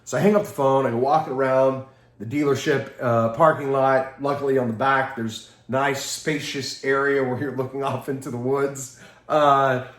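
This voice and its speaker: A man from Texas giving a seminar talk, telling a story with lively acted-out dialogue and frequent laughs. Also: medium pitch, normal speed. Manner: animated, acts out quoted dialogue, laughs often. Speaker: seminar speaker. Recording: echoey room.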